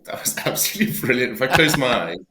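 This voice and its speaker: A man's voice: medium pitch, very animated, fast talker, sharp tone. A man, a magazine's founder, speaking as a guest with enthusiastic, encouraging remarks. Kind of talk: casual podcast conversation.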